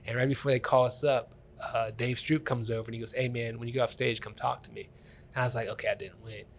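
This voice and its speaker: Guy comedian rattling off stories super quick, laughing a lot, casual podcast chat. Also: medium pitch, gravelly, a little hiss or hum. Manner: rambling animated storyteller who laughs often. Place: Columbus comedy scene.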